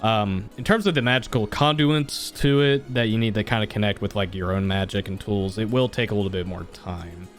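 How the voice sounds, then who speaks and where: A man's voice: lowish voice, steady tone, a little fast, hardly any pauses, faint music behind. A young man running a tabletop game as game master, talking casually with many fillers and restarts.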